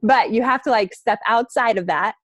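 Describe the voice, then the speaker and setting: A woman's voice: on the high side, moderate pace, dry recording. A woman in her thirties coaching her team on a call, talking in a casual, chatty way with lots of "like" and "right?".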